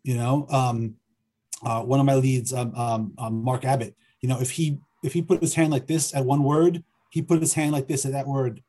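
Middle-aged filmmaker, male, mellow husky voice, thinks aloud with repeats. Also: medium pitch, fairly even intonation, normal speed. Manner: hesitant, repeats words while thinking aloud. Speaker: filmmaker and writer guest. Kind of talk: conversational interview.

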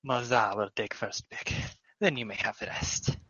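A man voicing a small, soft-spoken male kobold who speaks slowly in halting, broken phrases. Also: on the low side, no room sound. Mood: gracious. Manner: slow, halting broken speech. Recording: dull lo-fi audio.

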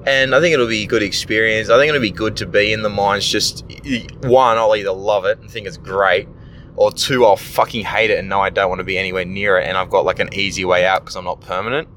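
A man's voice: fairly low pitch, steady tone, fairly quick, fairly bright tone, a little hiss or hum. Blunt, swearing Australian tradesman. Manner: blunt, profane ranting. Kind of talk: casual venting monologue.

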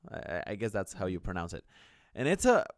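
A man co-hosting a gaming podcast, talking casually and pausing often to search for his words. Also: sits low, very animated, dry recording, clean studio sound. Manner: hesitant, many fillers, searching for words. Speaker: podcast co-host.

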